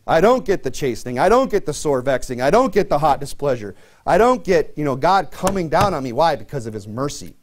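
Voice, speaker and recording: Conversational male preacher, higher voice. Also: big pitch swings, brisk, slight background noise. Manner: conversational preaching with many fillers and restarts. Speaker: pastor. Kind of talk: sermon.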